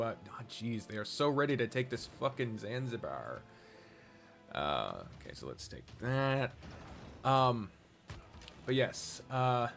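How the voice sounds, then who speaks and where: A man with a medium-pitched, slightly bright voice streams a strategy game live. He rambles casually, talks to himself, and swears often.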